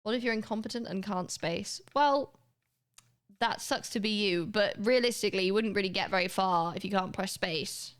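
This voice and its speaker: A young woman talks to her viewers while she plays a game. Her talk is loose and chatty, with a laugh close at hand and the odd swear word. Her voice sits at a middle pitch. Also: normal speed. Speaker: live streamer. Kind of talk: casual gaming livestream chat.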